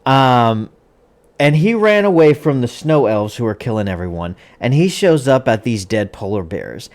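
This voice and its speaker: A man talks through an anime episode in a loose, rambling way, often stopping to correct himself and chuckling at his own slips. His pitch swings a lot from line to line while staying around an average middle register for a man. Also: sing-song, normal speed, darkish tone. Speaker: anime recap host. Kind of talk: casual episode recap.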